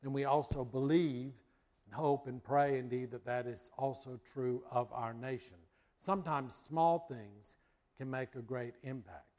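A man's voice: mid-range voice, measured pace, a little mellow. A middle-aged man from the United States preaching a sermon, telling a childhood story in a folksy way. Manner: folksy storytelling, acts out voices and barks.

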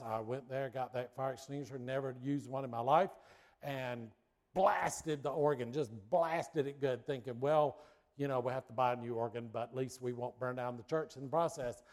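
A man's voice: medium pitch, moderate pace. Storytelling male pastor preaching. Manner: lively storyteller, builds suspense then makes a point. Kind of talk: sermon with personal anecdote.

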